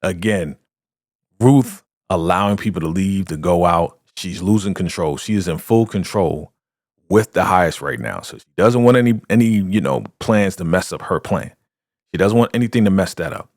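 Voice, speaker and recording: A man casually recaps a TV episode in a chatty, animated way. His voice sits on the low side but swings up and down a lot. The sound is close and dry on a studio podcast mic. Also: normal speed, no echo. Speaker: recap host. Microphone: studio podcast microphone.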